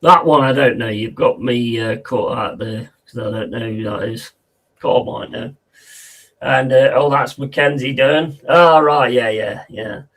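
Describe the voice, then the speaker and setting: This man's voice sits in the mid-range, fairly bright and a little slow. Hosting a football watch-along, he trades laddish banter with viewers, reading out their chat and replying between bits of casual match commentary.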